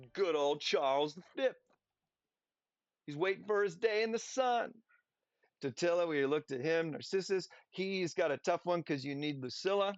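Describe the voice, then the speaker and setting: Sarcastic and chatty, a game streamer with a slightly high voice narrates his play and keeps breaking into playful silly voices. The recording is echo-free yet dull and lo-fi, with soft music in the background.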